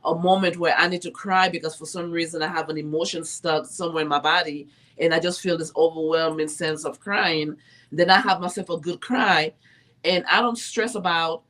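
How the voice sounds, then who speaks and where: A woman's voice: lowish voice, steady tone, brisk, a bit bright. A woman talking casually and reflectively about her spiritual practices, with many fillers. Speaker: podcast co-host. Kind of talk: casual conversation.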